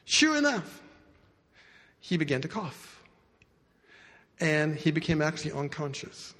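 A man preaching to a congregation, telling a story with loud bursts and quiet asides. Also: a little high, big pitch swings, measured pace. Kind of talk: sermon storytelling. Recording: long hall reverb.

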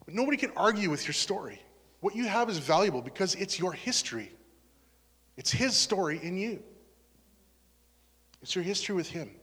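Pastor, male, slightly high voice, earnest conversational testimony, long hall reverb. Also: big pitch swings, moderate pace, pauses often, fairly bright tone, breathy edge. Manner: earnest, conversational, turns emotional. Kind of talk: testimony sermon.

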